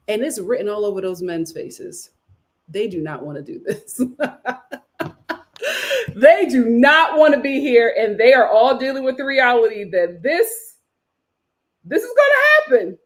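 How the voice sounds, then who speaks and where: Animated sassy woman reviewing reality TV. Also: fairly high pitch. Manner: animated, sassy, opinionated, laughs often. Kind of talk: casual live-stream commentary.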